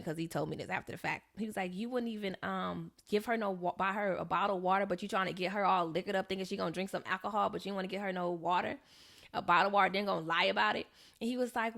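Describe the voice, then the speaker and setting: A young woman tells a story on her podcast, and her voice has a gravelly edge. She chats casually and slips into the voices of the people she quotes. Her pitch sits in the middle for a woman. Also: steady tone, fast, pushed and bright. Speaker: podcast co-host.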